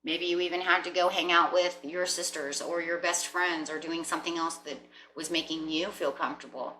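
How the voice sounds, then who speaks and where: A woman giving a casual tarot reading, chatty, often clearing her throat and checking in with "right?" and "you know?". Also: lowish voice, fairly even intonation, fairly quick, pushed and bright, slight background noise. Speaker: tarot reader. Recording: roomy echo.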